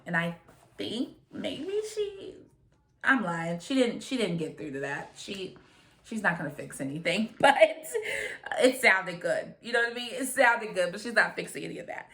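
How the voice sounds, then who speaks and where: A woman's voice: mid-range voice, big pitch swings, normal speed, pushed and bright. A young woman giving a chatty, opinionated recap of a reality show, quoting the people on it in her own voice. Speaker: recap vlogger.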